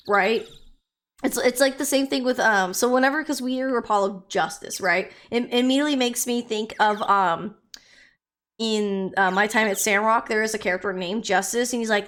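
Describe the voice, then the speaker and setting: A woman's voice: a little high, moderate pace, a bit bright. A woman streamer chatting and rambling playfully while playing through a story game. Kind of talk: gameplay commentary.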